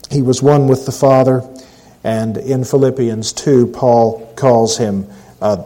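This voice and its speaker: Emphatic preacher man with a mellow voice. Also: mid-range voice, poor audio. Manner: emphatic, repeats key phrases slowly for stress. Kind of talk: sermon.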